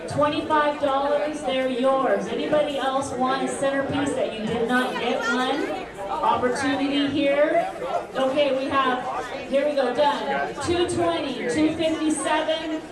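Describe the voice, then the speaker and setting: A high-voiced woman briskly calls out prices and bids at a live fundraising auction. She is heard from a distance in a large, echoing hall, with a loud crowd chattering underneath. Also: steady tone. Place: large hall at an evening gala.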